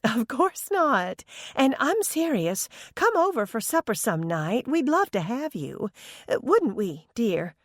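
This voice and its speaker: A woman's voice: a little high, sing-song, slow, no room sound, studio quality, voice pushed up, exaggerated voice. A woman voicing an indulgent, sarcastic older mother with a whispery voice in an audiobook. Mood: cheerful. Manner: teasing, scolding.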